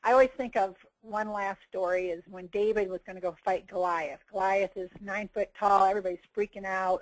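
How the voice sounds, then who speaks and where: A woman's voice: mid-range voice, steady tone, a little fast, no room sound, poor audio. A woman giving a motivational coaching talk in an earnest, preachy way, acting out little quoted bits. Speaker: success coach.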